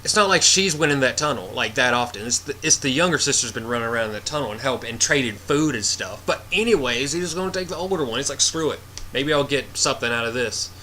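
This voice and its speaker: A man's voice: mid-range voice, lively intonation, quick pace, few pauses, sharp tone, a little hiss or hum. A man reviewing a movie in a casual, rambling way, blunt and swearing freely as he retells the plot with animation.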